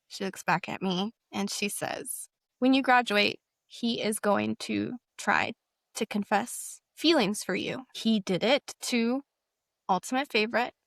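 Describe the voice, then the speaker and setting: A woman's voice: mid-range voice, creaky, fairly bright tone, no echo, clean studio sound. A young woman telling a candid personal story, reflective and full of casual fillers. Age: young adult. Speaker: interview guest.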